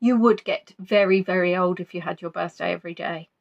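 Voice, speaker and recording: A woman's voice: lowish voice, steady tone, brisk, vocal fry, muffled recording. A woman hosting a casual quiz stream, chatty and playful as she reads out viewers' answers. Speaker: quiz host.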